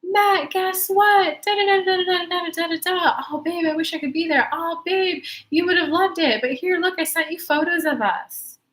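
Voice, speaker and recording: A woman voicing an excited young mother who is gushing to her husband. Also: moderate pace, few pauses. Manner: bubbly, high-pitched, gushing.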